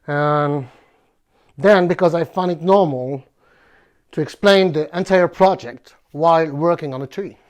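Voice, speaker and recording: French guy hosting his bonsai vid, kinda high voice, stops and starts a lot. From France. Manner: playful, halting with many fillers. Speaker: bonsai video host. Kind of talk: casual presentation.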